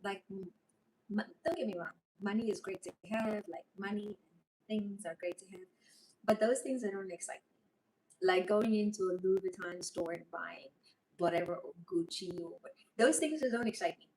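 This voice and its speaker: A woman's voice: mid-range voice, normal speed, darkish tone. A woman chatting on a livestream, rambling and emotional. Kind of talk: casual livestream chat reading comments. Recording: voice a bit far from mic, faint noise.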